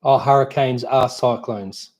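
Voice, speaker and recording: A man's voice: medium pitch, steady tone, a little slow, darkish tone. Rambling Australian man chatting live. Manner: rambling, easygoing, many fillers and restarts. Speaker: co-host. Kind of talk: casual live Q&A chat.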